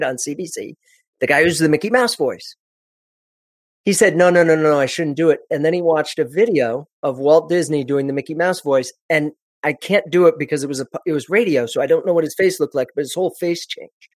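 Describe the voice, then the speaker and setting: A man's voice: a little high, no room sound, clean studio sound. A man coaching on presenting in a podcast interview, telling stories expressively and often restarting his sentences. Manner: expressive, animated storyteller with frequent restarts.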